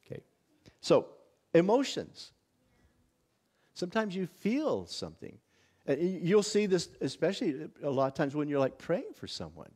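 A visiting pastor teaching a church workshop in a casual, conversational way, often acting out little exclamations of wonder. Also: male voice, on the high side, huge pitch swings, measured pace, pauses often, darkish tone, breathy edge. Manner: conversational, many restarts and acted-out inner exclamations.

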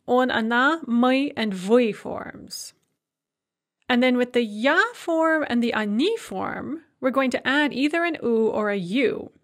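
A woman lecturer explaining verb endings in a methodical way, with frequent filler words. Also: fairly high pitch. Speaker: Russian language lecturer. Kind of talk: recorded grammar lecture.

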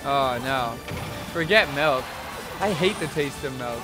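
A man hosting a casual vlog, talking excitably and directly to his viewers. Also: medium pitch, slow pace. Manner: excitable, talks straight to viewers. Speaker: streamer and video host. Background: background music.

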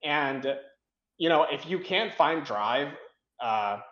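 A man's voice: a little high, expressive, takes it slowly, bright, forceful tone. A young man answering interview questions frankly, rambling with many fillers and restarts. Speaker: interview guest, competitive programmer. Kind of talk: casual interview chat. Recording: roomy, dull lo-fi sound.

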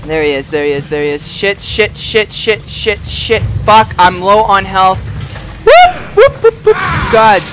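A man doing loud, excitable let's play commentary, swearing and yelling at the game. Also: high-pitched, a little slow, noisy background. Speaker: gamer. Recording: music playing underneath.

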